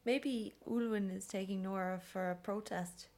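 A woman's voice: medium pitch, fairly even intonation, a little slow, a little mellow. An Irish woman chiming in playfully during a casual podcast chat.

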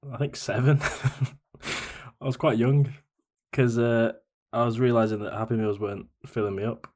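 A man chatting in a relaxed, easygoing way. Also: mid-range voice, a little slow. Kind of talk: casual podcast chat.

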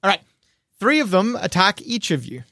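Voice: medium pitch, very animated, normal speed, a bit bright, no echo. Dry-voiced game master narrating.

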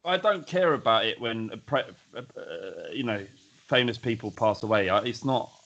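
A man's voice: on the low side, animated, moderate pace, creaky, fairly bright tone, muffled recording. A man who is a guest on a podcast, teasing the host in casual banter and stammering over his words.

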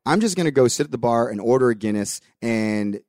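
A man's voice: medium pitch, expressive, brisk, a little mellow, no echo, clean studio sound. A young adult man hosting a podcast, telling a story in casual chat with voiced quotes and the odd swear. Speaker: podcast host.

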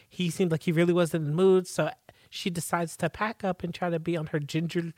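A podcast co-host in casual chat, relaxed and agreeable, retelling a TV plot with plenty of fillers. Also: mid-range voice, normal speed, no room sound, clean studio sound.

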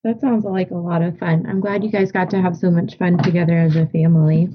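A woman's voice: lowish voice, fairly even intonation, brisk, highs cut off. A woman co-hosting a podcast, chatting casually in a friendly, encouraging way. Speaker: podcast co-host. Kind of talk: casual chat.

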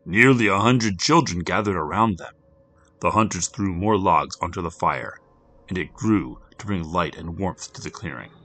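A man narrating a grim story for a podcast, swinging between loud urgency and hushed, near-whispered passages. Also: low-pitched, normal speed.

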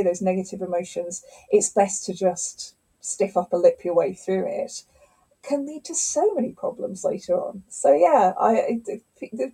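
A middle-aged woman, a scientist and author, telling stories in a lively conversational interview. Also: mid-range voice, breathy edge, rough recording. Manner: animated storyteller, acts out quotes.

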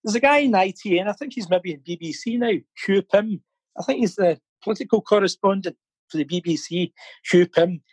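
Over a phone or video call, a middle-aged fan campaigner joins a casual interview to tell stories. His voice sits high and slightly rough, he talks a little fast, laughs often, and repeats words while thinking, with a rough recording that has no room sound.

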